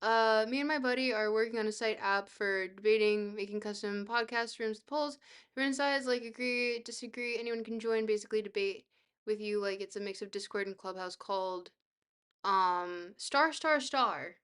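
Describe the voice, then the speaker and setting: Young female streamer, bubbly and goofy, casually reading chat, with a crisp, bright tone. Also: mid-range voice, moderate pace. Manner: bubbly, goofy, self-deprecating. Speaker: livestreamer.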